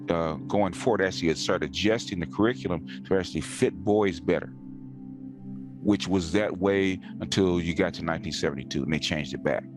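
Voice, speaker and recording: A man in casual conversation, talking emphatically and insistently, circling back to stress his points. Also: low-pitched. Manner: emphatic, insistent, leans on repeated words.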